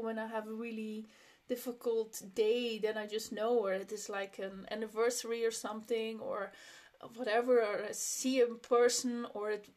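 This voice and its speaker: A young adult woman hosting a solo podcast, talking openly and personally, laughing often and restarting her sentences. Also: fairly high pitch. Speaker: podcast host. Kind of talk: reflective solo podcast talk.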